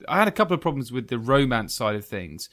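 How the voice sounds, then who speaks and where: A man co-hosting a casual film podcast, talking in an animated, blunt way and swearing freely. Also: mid-range voice, quick pace. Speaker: podcast co-host.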